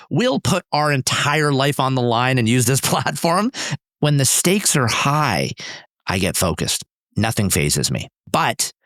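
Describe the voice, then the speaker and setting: A man's voice: medium pitch, dry recording, clean studio sound. A man, a company founder, telling personal stories in an interview in an intense, emphatic, driven way. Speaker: startup founder and CEO, podcast guest.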